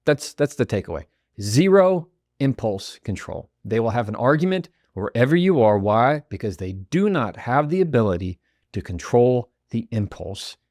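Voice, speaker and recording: Guy hosting a podcast, lively up and down delivery, dry close sound. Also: mid-range voice, normal speed, dry recording. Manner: animated, acts out quoted voices. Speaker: podcast host. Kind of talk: motivational podcast talk.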